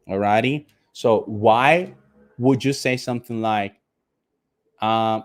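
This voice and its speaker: A man's voice: mid-range voice, unhurried. Nicaraguan man teaching English class. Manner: emphatic, repeats questions to the class, acts out angry customer. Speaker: English teacher for call center staff. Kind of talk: online class lecture.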